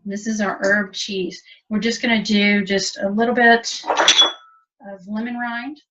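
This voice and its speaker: A woman's voice: medium pitch, little pitch movement, measured pace, fairly bright tone, a little hiss or hum. A woman teaching a cooking demonstration, chatty and explaining step by step. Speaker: cooking instructor. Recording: dull lo-fi audio from a distance.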